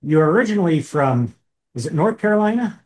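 A man's voice: fairly high pitch, big pitch swings, brisk, a little mellow. A man, co-hosting a casual podcast chat with joking asides and restarts. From Indiana. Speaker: podcast co-host.

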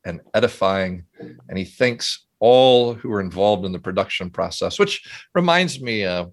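A middle-aged man hosts a relaxed podcast conversation, leading it with a genial, chatty manner. His voice sits fairly low. He reads listener mail aloud between friendly asides. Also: normal speed, dry recording. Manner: chatty, genial, often chuckling. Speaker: podcast host, seminary professor. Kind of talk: casual podcast chat.

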